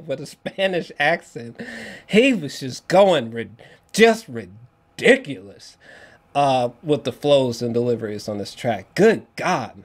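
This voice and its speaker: A man casually reviewing an album on video, excitable and profane, laughing often and restarting his sentences. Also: medium pitch.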